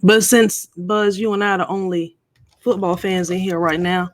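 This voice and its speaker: A woman's voice: on the low side, fairly even intonation, normal speed, no echo. A middle-aged woman hosting a casual live stream, chatting and playfully teasing viewers.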